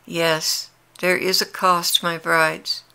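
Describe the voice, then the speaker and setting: A woman's voice: lowish voice, flat delivery, takes it slowly, gravelly, clean tone, full character voice. A woman voicing Jesus as a tender, longing man who speaks earnestly to his brides in a devotional dialogue. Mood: warning. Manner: earnest, intimate, gently pleading.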